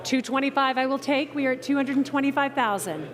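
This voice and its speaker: A woman working as an auctioneer at a live car auction, calling bids in brisk patter and teasing the bidders. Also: sits high, a crowd in the background. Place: auction tent at an outdoor car show.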